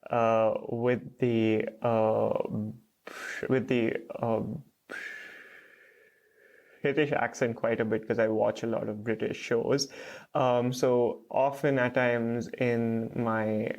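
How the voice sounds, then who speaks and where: Young man, halting speech with stutter. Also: mid-range voice, little pitch movement, a little mellow, dull audio. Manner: stutters with repeated words and many "uh" fillers. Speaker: guest, doctoral student. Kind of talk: casual conversational interview.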